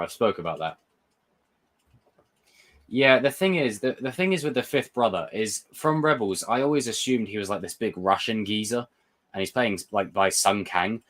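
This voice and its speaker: A young man hosting a live chat, excitable and swearing, answering viewer comments. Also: fairly low pitch. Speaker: livestream host reviewing a TV episode. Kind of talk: casual live reaction chat.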